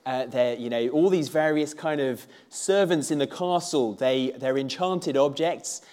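A man's voice: medium pitch, unhurried, a little mellow. Male preacher, conversational church sermon, mid-range voice. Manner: conversational, with filler words and a few playful put-on voices.

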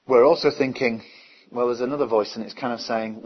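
Husky-voiced man preaching. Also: medium pitch, steady tone, fairly quick. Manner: earnest, asks many rhetorical questions. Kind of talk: sermon. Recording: dull, lo-fi recording.

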